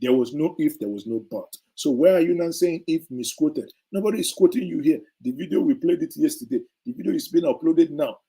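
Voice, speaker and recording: A middle-aged man gives heated political commentary as a show host speaking his mind, indignant and sarcastic, hammering points home through repetition. His dark, husky voice is on the high side, with lively intonation, a fairly quick pace, and hardly any pauses. The recording is low quality.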